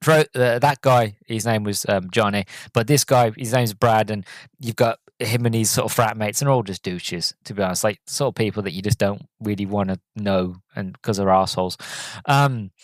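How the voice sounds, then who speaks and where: A man's voice: lowish voice, normal speed, no echo. A man hosting a podcast, casually and enthusiastically recapping a film with lots of fillers. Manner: rambling, enthusiastic, many fillers. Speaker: podcast host. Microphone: podcast mic.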